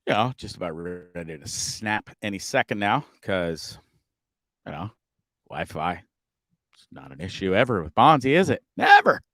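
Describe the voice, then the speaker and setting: A man's voice: low voice, animated, normal speed, long pauses, fairly bright tone, no room sound, clean studio sound. Frustrated rambling male live-stream host. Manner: rambling, frustrated, swears a lot, stumbles over words. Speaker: livestream show host. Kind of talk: casual live-stream chat. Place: campground, streaming over weak shared Wi-Fi.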